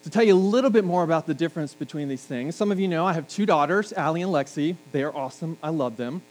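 A man's voice: a little high, quick pace, a little mellow, poor audio. Joking, conversational male preacher. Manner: conversational, joking asides to the congregation. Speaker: pastor. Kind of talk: sermon. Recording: faint mains hum.

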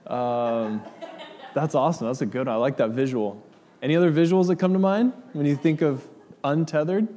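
A relaxed pastor talks his congregation through a sermon in an easygoing, conversational way, laughing along with them before reading scripture aloud. His voice is warm and mellow, and it rings out with a long reverb in a large hall. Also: a little high, moderate pace. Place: church hall with audience.

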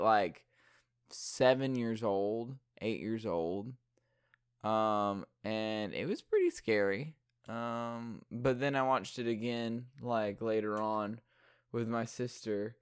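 A man's voice: mid-range voice, slow, a bit bright, clear, resonant tone, dry recording, clean studio sound. A young man telling a rambling story in a casual way, swearing often and breaking into laughter.

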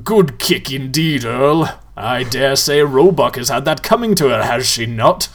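A tall skeletal ghoul gentleman who speaks with mocking grandeur, as a reader puts him on for a storybook. His delivery booms, slow and theatrical, savoring every title. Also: animated. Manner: grand, mock-courteous, booming. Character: tall pompous male ghoul, gleeful and mocking.

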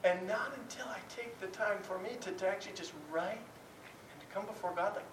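A man's voice: high-pitched, brisk. Give me a man giving a rambling, candid sermon, heard from a distance in a roomy space. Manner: rambling and candid, with many restarts. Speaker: speaker giving a talk on prayer. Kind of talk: conversational sermon. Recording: roomy, distant, faint noise.

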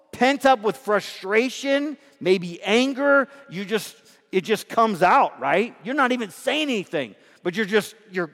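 A middle-aged male pastor preaches in a loose, conversational way and keeps asking the congregation questions. His voice sits high for a man. It rings out with the long reverb of a church hall. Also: fairly bright tone. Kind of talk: sermon.

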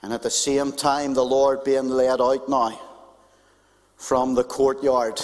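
A man preaching a sermon as a pastor, animated and conversational with touches of humor, in a church. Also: medium pitch, takes it slowly, pauses often. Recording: long hall reverb.

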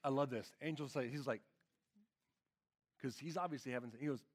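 A man's voice: mid-range voice, a little fast. A man preaching a conversational sermon as lead pastor, casual and earnest, peppering his talk with fillers.

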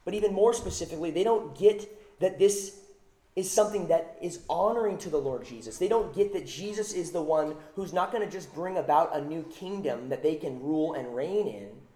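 A man's voice: fairly high pitch, expressive, brisk, few pauses, warm tone, echoey room. A man preaching a sermon, emphatic, repeating phrases for stress. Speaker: pastor.

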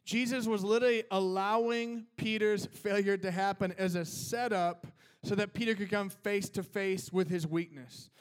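High-voiced, casual preaching pastor. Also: male voice, steady tone, moderate pace. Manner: casual, conversational, with fillers like "man" and "like". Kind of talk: sermon.

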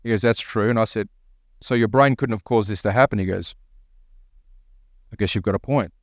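A man's voice: on the low side, fairly quick, dry recording, studio quality. A man preaching a sermon as pastor, telling a story and acting out both sides of a conversation.

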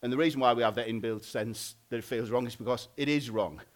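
Male preacher, relaxed conversational sermon delivery, average pitch. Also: fast talker. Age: adult, married. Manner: informal, conversational, frequent "like" and restarts.

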